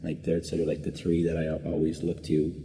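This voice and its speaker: A man's voice: rumbling low, monotone, fast talker, warm tone. A man, a singer being interviewed, answering casually and rambling with lots of restarts and "like" fillers. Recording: long reverb.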